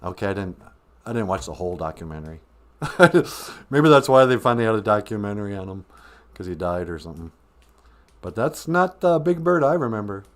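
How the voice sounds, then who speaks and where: A man's voice: lowish voice, animated, brisk. A man in his fifties hosting a comedy podcast, mocking a video clip in a sarcastic way. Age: 50s. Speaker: podcast host.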